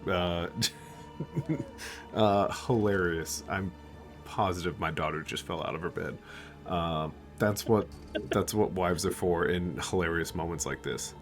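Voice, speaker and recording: Deep-voiced man game master. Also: unhurried, soft background music. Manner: relaxed, chatty, with filler words. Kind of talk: narrating a tabletop game.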